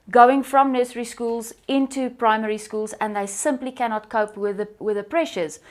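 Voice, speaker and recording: A woman interviewer who works as a children's therapist, listening attentively and adding her own comments. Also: fairly high pitch. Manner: attentive, brief affirming replies. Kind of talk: interview conversation.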